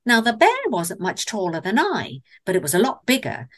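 An English woman tells a comic tale with real theatrical flair, dropping in dry asides. Her voice swoops up and down with plenty of life, and her pitch sits in an ordinary middle range. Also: moderate pace. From England. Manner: animated, theatrical, wry asides. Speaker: storyteller. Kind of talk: told comic story.

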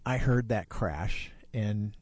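Man in his fifties, low mellow voice, dry close sound, relaxed storytelling. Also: takes it slowly, no echo. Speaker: storyteller guest. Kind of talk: personal storytelling.

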